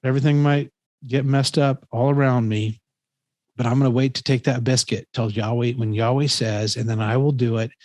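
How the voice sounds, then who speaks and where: Medium-pitched and a little mellow, this man in his fifties speaks at a moderate pace with fairly even intonation and no room sound. A professor and podcast host, he tells a story in casual conversation, earnest but rambling, with many fillers and restarts.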